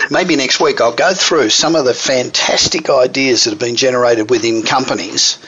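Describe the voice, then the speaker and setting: A man's voice: medium pitch, a bit bright. A man with an Australian accent hosting a business radio talk show and introducing his guest in a conversational way. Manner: conversational, with fillers and restarts. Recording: dull lo-fi radio recording.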